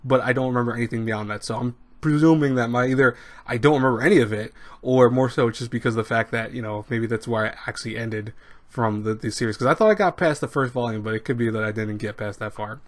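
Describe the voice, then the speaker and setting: A young man casually reviewing an anime episode, rambling and animated, with many restarts and fillers. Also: mid-range voice, quick pace.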